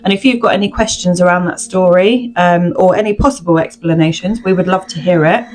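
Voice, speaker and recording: A woman co-hosting a podcast, telling a personal story in a chatty, animated way. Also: on the low side, brisk, rough recording. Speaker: podcast co-host. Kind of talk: casual chat.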